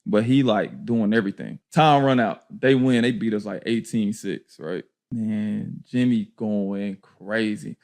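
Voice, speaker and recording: A man casually telling a story on a podcast, slangy and animated, often laughing. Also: on the low side, a little slow. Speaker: podcast guest, former player.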